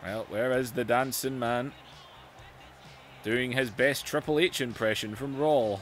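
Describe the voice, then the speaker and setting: A man giving casual, excitable commentary over a wrestling video game. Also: mid-range voice, measured pace, faint music behind. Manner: excitable, amazed reactions. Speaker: gaming YouTuber.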